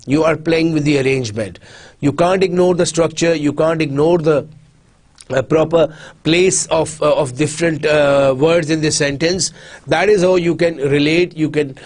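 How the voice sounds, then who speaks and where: A man giving a recorded university lecture, explaining step by step and often repeating and restarting his phrases. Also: fairly high pitch. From Pakistan.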